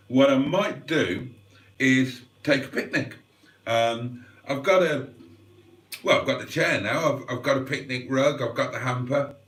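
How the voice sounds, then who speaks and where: A man hosting a livestream, chatting to viewers in a rambling, wry, self-mocking way and clearing his throat often. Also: medium pitch, a bit bright. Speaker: livestream host. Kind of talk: rambling casual chat to viewers. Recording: roomy sound, mic at a distance.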